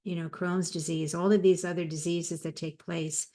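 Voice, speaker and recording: Low-voiced woman giving a motivational talk. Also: level tone, moderate pace, mellow. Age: 50s or older. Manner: conversational, tells personal anecdotes. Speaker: psychotherapist and speaker.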